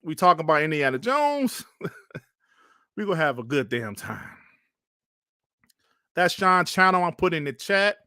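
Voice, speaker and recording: Stream host guy, animated and profane, keeps cracking up, dead dry mic. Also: on the high side, moderate pace, long pauses, dry recording. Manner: laughing, profane trash talk. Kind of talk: casual live-stream chat.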